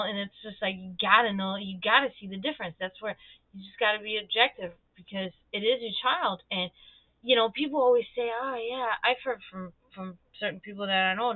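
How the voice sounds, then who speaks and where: A woman's voice: a little high, no room sound, narrow, tinny audio. A young woman hosting a livestream, chatting casually and animatedly, swearing freely and acting out the voices of people in her stories. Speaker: livestream host.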